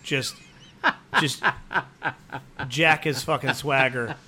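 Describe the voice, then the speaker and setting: Bright-voiced joking podcast guy. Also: medium pitch, fairly even intonation, slow. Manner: joking, profane, mock-announcer riffs. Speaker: podcast co-host. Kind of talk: crude comedic banter.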